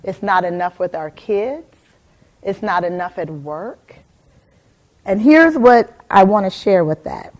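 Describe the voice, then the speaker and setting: A woman in her forties telling a personal story in a lively keynote talk, calling out to audience members by name. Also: medium pitch, a little slow. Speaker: motivational speaker.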